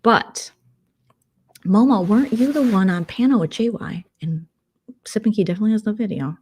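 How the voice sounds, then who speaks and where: A woman's voice: mid-range voice, normal speed, darkish tone, husky. A woman hosting a vlog, chatting casually with a sarcastic, chatty manner. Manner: sarcastic, chatty, tangent-prone. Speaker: vlogger host. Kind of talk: casual gossip commentary.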